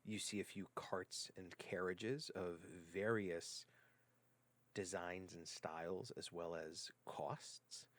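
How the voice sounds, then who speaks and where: A man's voice: low voice, fairly even intonation, slow pace. A man running a tabletop game as game master, narrating the scene in a descriptive way with some hesitant fillers.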